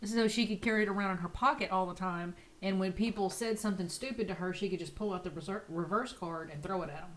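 A middle-aged woman from Texas co-hosting a casual family podcast, chatty and quick to laugh. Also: mid-range voice, fairly bright tone. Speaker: podcast co-host.

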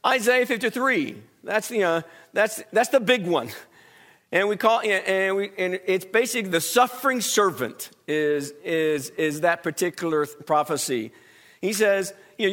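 A man's voice: high-pitched, unhurried, a bit bright. A man teaching a Bible study lesson in a conversational way, asking the class questions and often restarting his sentences.

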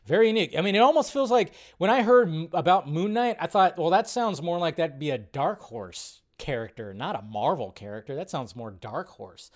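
A man hosting a livestream, chatting casually and rambling through his reactions with animated outbursts. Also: medium pitch. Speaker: livestream host.

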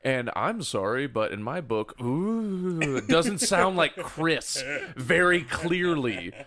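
A man's voice: a little high, big pitch swings, takes it slowly, a crowd in the background. A man co-hosting a podcast, telling a story in profane casual chat and laughing often. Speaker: podcast co-host.

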